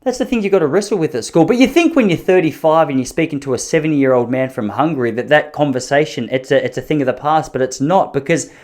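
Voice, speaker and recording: A man's voice: fairly high pitch, fast, few pauses, a little mellow. An Australian man in his thirties hosting a podcast, telling rambling, self-deprecating stories in a casual, jokey way. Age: 30s. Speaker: podcast host. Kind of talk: casual solo storytelling.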